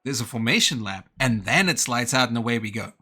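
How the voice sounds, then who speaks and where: A South African man calling a sim race live on stream, chatty and offhand. His voice is bright and clear with an easy pace, recorded close on a desk mic at home. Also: medium pitch, brisk. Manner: relaxed, chatty, casual swearing. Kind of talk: live sim racing commentary.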